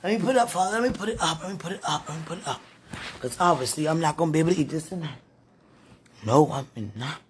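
A woman with a hoarse, husky voice, worn from preaching and crying, talking casually to God in a prayerful monologue and calling out to him between sentences. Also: low voice, fast talker, slight background noise. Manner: talks to God aloud, breaks into moans and exclamations. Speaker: street preacher.

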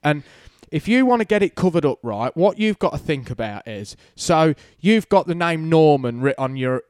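A man's voice: fairly high pitch, lively intonation, moderate pace, a little mellow, dry recording, clean studio sound. A man co-hosting a casual podcast as a tattoo artist, telling stories in a joking, rambling way. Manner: joking storyteller, rambling and cheeky. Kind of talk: casual chat.

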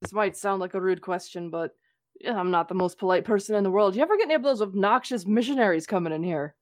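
A woman's voice: medium pitch, fast, dry recording. Blunt joking woman, dry mic. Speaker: player. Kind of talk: playing a tabletop game.

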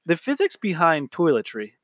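A man's voice: a little high, wildly swooping pitch, normal speed, a bit bright. A man co-hosting a podcast, joking crudely and laughing often as he rambles through riffs. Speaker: podcast co-host. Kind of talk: casual crude banter.

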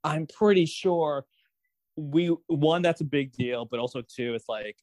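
A man's voice: fairly high pitch, unhurried, a little mellow, no room sound. A man co-hosting a casual TV recap chat, playful, laughing often and mimicking characters. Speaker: podcast co-host.

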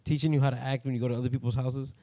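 A man's voice: medium pitch, flat delivery, racing, warm tone, no room sound. A young man co-hosting a podcast, rambling and joking crudely in casual banter. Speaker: podcast co-host.

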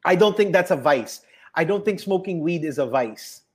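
A young Filipino man with a fairly high voice tells loose, meandering stories in a casual chat. He swears freely and keeps hopping between English and Tagalog. His tone is chatty and unpolished. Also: animated, normal speed, slightly rough.

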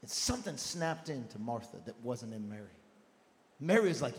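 A man with a high voice preaches a sermon, acting out Bible scenes as casual modern talk before building to loud, shouted calls. His voice rings out with a long reverb tail, as in a large hall. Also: sing-song, moderate pace. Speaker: pastor.

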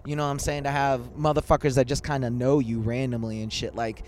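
A young man hosting a casual podcast over a video call, telling stories in an animated, slangy way and swearing a lot. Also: mid-range voice, fast talker, a little hiss or hum. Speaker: podcast host. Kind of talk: casual chat.

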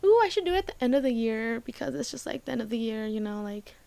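Her voice is on the high side, expressive, creaky, and mellow, and she talks fast with no room sound. This young vlogger is near tears as she chats personally with her viewers, rambling through fillers like "like" and swearing casually.

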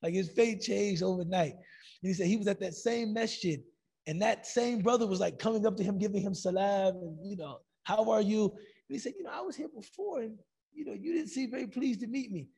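High-voiced male lecturer, gravelly and husky, animated storyteller. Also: a little fast. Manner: animated storytelling, acts out quotes. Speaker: Islamic lecturer. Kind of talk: lecture with stories.

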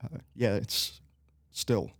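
A man in his forties, a church volunteer, speaking modestly and hesitantly with many pauses and fillers. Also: no room sound, clean studio sound. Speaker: guest, church bass player and safety team lead. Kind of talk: casual interview chat.

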